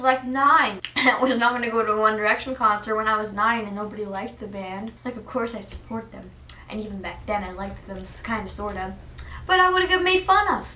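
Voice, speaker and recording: A teenage girl vlogging as an excited fan, gushing and saying "like" constantly. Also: on the high side, reverberant, recorded from a distance, slight background noise. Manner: gushing, giddy, says "like" constantly. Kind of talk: excited fan chat to camera.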